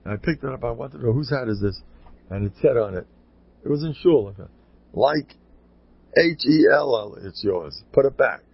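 An older man delivering a loose, story-filled Torah talk. His voice is gravelly and a little husky, and he rambles and repeats himself before breaking into high, loud urging. The recording is dull and lo-fi. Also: lively intonation, normal speed, no room sound. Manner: rambling, repetitive, bursts into loud high exhortation. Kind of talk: informal Torah talk with stories.

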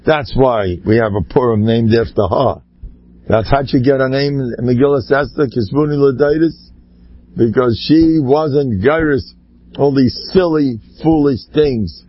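An older man giving an animated religious talk, full of Hebrew and Yiddish words, swinging from low murmurs to high cries. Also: breathy edge, no echo, highs cut off. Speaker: speaker giving a Torah talk.

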